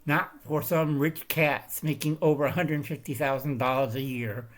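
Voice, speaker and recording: A man's voice: fairly high pitch, fairly even intonation, moderate pace. A man hosting his own channel, talking through a rambling, emphatic political commentary monologue, often checking in with "Okay?" and "All right?". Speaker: channel host.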